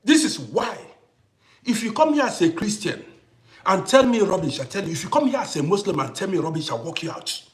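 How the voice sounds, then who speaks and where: A man's voice: sits high, sing-song, fairly quick. A middle-aged man hosting a livestream, delivering an impassioned monologue and repeating phrases for emphasis. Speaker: livestream host.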